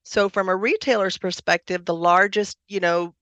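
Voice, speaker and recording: A woman's voice: medium pitch, fairly even intonation, moderate pace, a bit bright, no room sound. A woman from Wisconsin, a produce company executive, answering interview questions with enthusiasm. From Wisconsin, USA. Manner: enthusiastic, businesslike.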